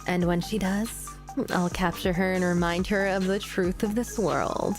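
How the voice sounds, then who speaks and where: A woman's voice: lowish voice, steady tone, a little slow, faint music behind. A woman voicing a ruthless young female soldier from a game story, speaking in a grim, threatening way. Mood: cold, menacing.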